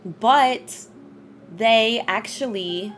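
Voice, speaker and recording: A woman's voice: very slow, a bit bright, faint music behind. A young woman streaming a game, chatting casually with viewers and greeting them by name. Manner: chatty, greets chat, bursts of high laughter. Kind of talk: casual live-stream chat.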